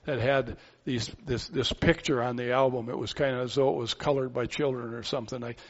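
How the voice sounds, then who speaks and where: A man's voice: medium pitch, fairly even intonation, a little fast. An older man giving an expository sermon as a pastor, earnest and thinking aloud, often repeating words as he goes. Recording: dull lo-fi recording.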